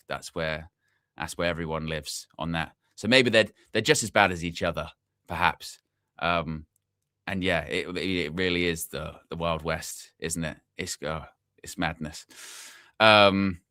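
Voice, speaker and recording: A young man talks loosely on a football live stream, drifting between asides and repeating himself as he thinks aloud. His voice sits fairly low but comes across bright and forceful, close on a dry mic with no room around it. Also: clear, resonant tone, no room sound. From England. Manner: rambling, repeats himself, chatty asides to the chat. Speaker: football channel host. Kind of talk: casual live-stream chat.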